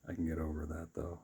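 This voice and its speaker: A man hosting his sketchbook channel, casually narrating while he draws, relaxed with self-deprecating asides. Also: very deep voice, vocal fry, slightly rough.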